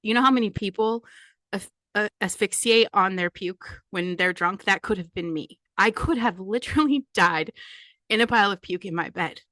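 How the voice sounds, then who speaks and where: A woman's voice: medium pitch, moderate pace, fairly bright tone, dry recording. A woman in her forties hosting a podcast, making a candid personal confession while holding back tears. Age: 40s. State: close to tears. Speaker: podcast host.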